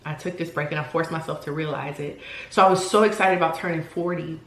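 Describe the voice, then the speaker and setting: A woman in her forties who talks candidly and earnestly in a personal vlog, often pausing to search for words. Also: deep voice, fairly even intonation, fairly bright tone, reverberant. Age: 40s. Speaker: vlogger.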